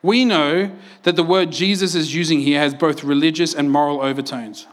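A man preaching a sermon, telling stories and acting out quotes with lively energy. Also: on the high side, moderate pace. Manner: animated storytelling, acts out quotes loudly. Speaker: pastor.

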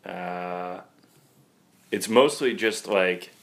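A man's voice: deep voice, drawn-out words, gravelly, a bit bright. Wry, teasing male co-host. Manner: wry, teasing, mock-indignant. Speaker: podcast co-host. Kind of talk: casual banter.

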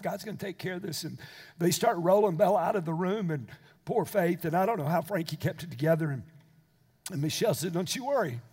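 Older male pastor, high voice, sermon storytelling that builds to fervent preaching, long hall reverb. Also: slightly rough.

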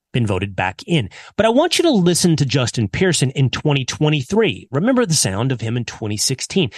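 A man's voice: mid-range voice, dry recording, clean studio sound. A man hosting a podcast, delivering a scripted commentary segment with sarcastic, mocking emphasis. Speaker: podcast host.

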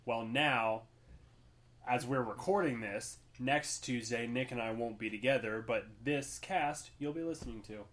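A man's voice: mid-range voice, measured pace. Laid-back young man, casual podcast chat. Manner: relaxed, rambling, laughs often. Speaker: podcast co-host.

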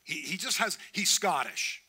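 A male pastor preaches in an earnest, emphatic way, now and then breaking off and restarting a thought. His voice is very bright and forward, sitting a little high for a man. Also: lively intonation, a little slow, husky. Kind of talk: sermon.

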